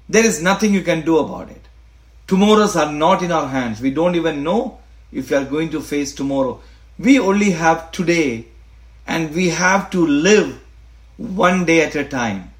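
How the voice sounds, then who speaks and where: A man preaching a sermon in an earnest, deliberate way. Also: high voice.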